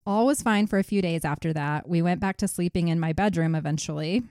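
A woman's voice: on the low side, brisk, darkish tone, no room sound, studio quality. A woman co-hosting a podcast, reading a listener's ghost story aloud and breaking off to joke, laugh and swear casually.

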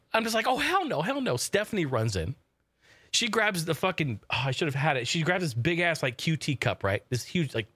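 A man's voice: fairly high pitch, bright, forceful tone, dry recording. A man casually telling a funny family story, swearing a lot and acting out the voices of the people in it. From family from Oregon. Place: home in the desert.

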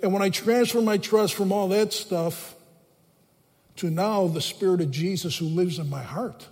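A man with a very high voice preaches emphatically to his congregation, repeating phrases for stress. His voice rings with the long reverb of a large church hall. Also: unhurried, a little mellow. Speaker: pastor. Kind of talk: sermon.

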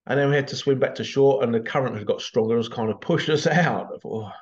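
A man in a casual storytelling monologue, animated and conversational. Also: mid-range voice, quick pace, hardly any pauses, dull audio. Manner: animated, conversational, acts out quotes. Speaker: vlogger.

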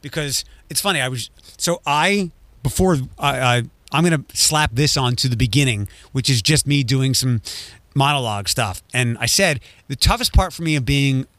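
A man's voice: medium pitch, expressive, normal speed, a bit bright, dry recording. A man, a radio host, chatting casually and restarting his sentences with fillers. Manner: chatty, self-interrupting with fillers. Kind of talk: casual chat.

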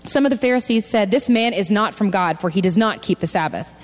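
A woman's voice: a little fast, long reverb tail. A woman giving a sermon at a church, reading scripture aloud and voicing the people in it. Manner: reads scripture aloud, acting out quoted voices with rising pitch. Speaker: speaker at a church. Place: large church hall.

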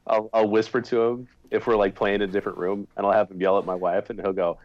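A man co-hosting a casual chat, relaxed, with dry remarks and chuckles. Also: lowish voice, quick pace, muffled recording. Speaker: podcast co-host.

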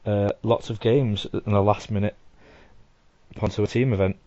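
A man's voice: on the low side, fairly even intonation, normal speed, warm tone, no echo. A man on a podcast as a guest, talking in a dry, self-deprecating way. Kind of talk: casual group chat. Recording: dry, dull lo-fi sound.

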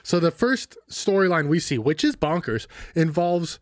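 A man's voice: on the high side, expressive, moderate pace, no echo, studio quality. A man co-hosting a casual film podcast, rambling and swearing casually while he laughs easily. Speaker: podcast co-host.

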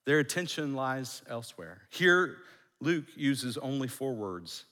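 Male pastor delivering a sermon, slow, emphatic, with hushed dramatic drops. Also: mid-range voice, very animated, big-room sound.

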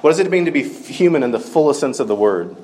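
A man's voice: mid-range voice, big pitch swings, quick pace, darkish tone. A man giving a casual storytelling sermon as a campus minister, chatty and full of fillers. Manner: conversational, many fillers like "like" and "um".

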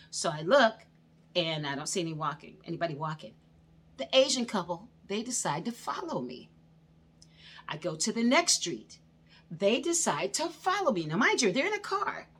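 A woman hosting a show, telling a personal story in a lively way, her voice climbing and getting louder when she quotes herself. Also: fairly low pitch, breathy edge. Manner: animated, rising and loud when quoting herself. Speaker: host. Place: indoor studio under hot lights.

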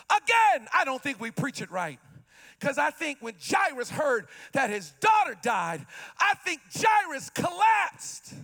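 A male pastor preaching an impassioned sermon, shouting and calling out to the congregation. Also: very high-pitched, wildly swooping pitch, measured pace, vocal fry.

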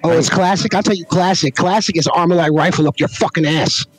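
A man's voice: fairly high pitch, fairly quick, a crowd in the background, poor audio. A man on a prank call hurling crude threats.

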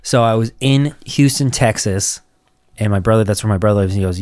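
A man in casual chat, telling stories in an animated, profane way. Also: lowish voice, a little fast, dry recording, studio quality.

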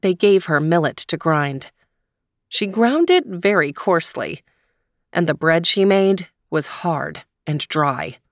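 A woman telling a folk tale in a calm, even storytelling manner. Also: lowish voice, slow, no room sound, studio quality.

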